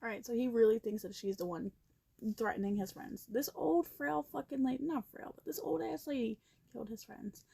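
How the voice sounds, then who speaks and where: A young woman casually recapping a movie while she watches it at her computer, blunt and profane, with animated reactions and quiet asides. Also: fairly high pitch, vocal fry, husky.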